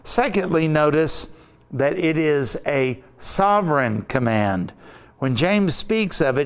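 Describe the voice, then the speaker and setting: A male pastor delivers a sermon in an unhurried, measured way, pressing each point home through repetition. His voice sits slightly high for a man and comes across smooth and resonant. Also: expressive. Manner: deliberate, emphatic preaching with repetition.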